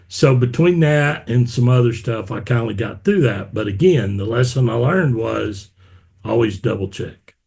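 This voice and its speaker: A man's voice: medium pitch, normal speed, creaky, slightly rough. A man hosting an interview podcast, chatting casually and acting out the voices in his stories. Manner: animated storyteller, acts out quotes. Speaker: podcast host.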